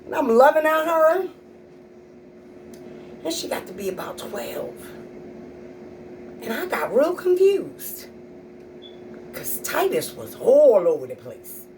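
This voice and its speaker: A woman's voice: high voice, very animated, slow, pauses often, a little mellow, far from the mic, a little hiss or hum, poor audio. A middle-aged woman comedian telling stories about her kids in a sassy, blunt, profane way. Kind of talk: stand-up storytelling.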